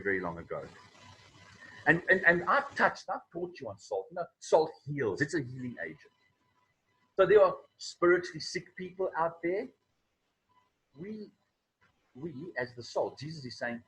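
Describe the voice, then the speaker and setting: A South African man telling stories in a sermon to youth, his voice very husky and raspy. His pitch swings widely as he tells the story, and he sounds casual and animated. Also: poor audio. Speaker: preacher. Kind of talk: storytelling sermon to young people.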